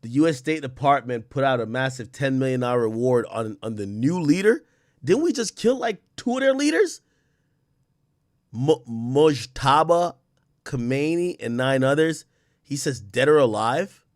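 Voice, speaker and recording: A man's voice: medium pitch, expressive, normal speed, no echo. A man streamer reacting to news clips, profane and incredulous, laughing as he goes. His voice swings up and down a lot. The sound is dry and close, with no room around it. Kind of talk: casual reaction commentary.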